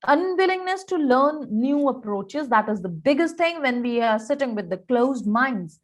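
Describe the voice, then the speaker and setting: Woman, Indian accent, high voice, emphatic webinar lecturer, acts out little dialogues. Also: normal speed. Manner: expressive, acting out examples in dialogue; earnest and emphatic. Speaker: professor giving a training webinar.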